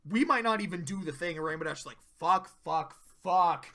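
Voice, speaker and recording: A man with a high, bright voice gives a casual episode recap. He talks in a loose, animated way, swears often, and slips into quick impressions of the characters as he retells scenes. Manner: animated storyteller who swears and acts out quotes. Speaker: video reviewer.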